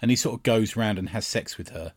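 A man's voice: on the low side, slightly rough, no room sound. Dry-sounding man laughing through chat. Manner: laughs often, retells scenes with quick quoted lines. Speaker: podcast co-host. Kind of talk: casual chat about a comic book.

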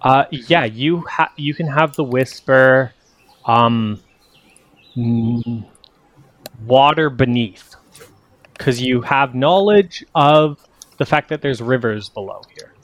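A man runs a tabletop game as its game master, talking through the rules in an easy, meandering way. His voice sits at a middling pitch and is recorded dry and close, with no room sound. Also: takes it slowly, pauses often, no room sound. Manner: relaxed, rambling explanations with fillers.

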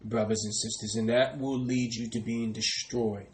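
A man's voice: mid-range voice, fairly even intonation, moderate pace. A man preaching a sermon. He asks questions and answers them himself, and he keeps tagging lines with "brothers and sisters" in a dropping voice. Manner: repeats "brothers and sisters" with falling, quieter tags. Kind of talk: sermon teaching.

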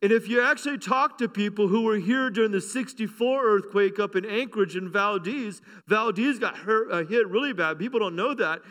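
A man's voice: sits high, moderate pace, few pauses, fairly bright tone. A middle-aged man pastor preaching a sermon fervently, with call-outs and humor, in a church. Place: church sanctuary. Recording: long hall reverb.

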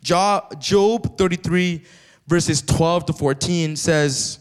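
A man preaching a sermon in church with lively energy, often turning to the congregation with questions. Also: fairly high pitch, takes it slowly, smooth. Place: church sanctuary. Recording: long reverb of a church hall.

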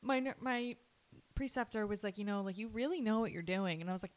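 A woman's voice: medium pitch, quick pace. Bubbly young woman, casual chat. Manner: bubbly, animated, laughs often. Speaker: new nurse.

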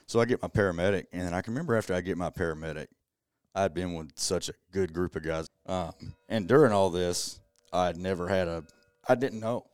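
A man's voice: sits low, a little fast, no echo. A young adult man, telling a personal story as a podcast guest in an earnest, casual way full of "you know.".

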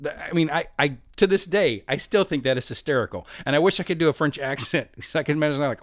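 A man's voice: mid-range voice, lively intonation, fast, dry recording, studio quality. A man in his fifties telling a long personal story in a rambling, self-mocking way, often laughing as he talks.

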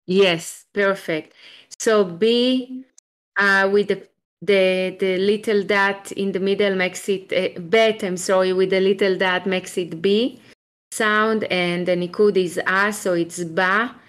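A woman's voice: medium pitch, fairly even intonation, slow. A woman from Israel, teaching a live online Hebrew class over a video call, patient and encouraging as she sounds out each letter step by step.

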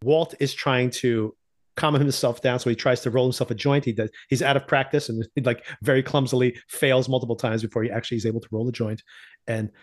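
A man with a middle-pitched voice talks through a TV season in loose, casual chat. He laughs often and slips into the characters' lines as he tells the story. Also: brisk. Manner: animated storyteller, laughs often, acts out quotes. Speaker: podcast host.

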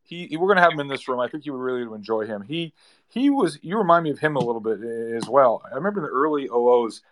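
A man's voice: medium pitch, expressive, fast, a bit bright, slight background noise. A man hosting an interview, telling stories with enthusiasm and stumbling through restarts as he asks questions. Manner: enthusiastic storyteller, many restarts and stammers. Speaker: host.

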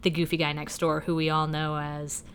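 A woman's voice: low voice, level tone, normal speed, slight background noise. A woman co-hosting a podcast, talking casually and animatedly about a film, swearing freely and laughing often. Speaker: podcast co-host. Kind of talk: casual movie discussion.

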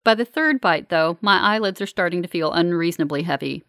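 A woman narrating a first-person novel as an audiobook, in a wry, measured manner. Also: fairly low pitch, fairly bright tone, dry recording, studio quality.

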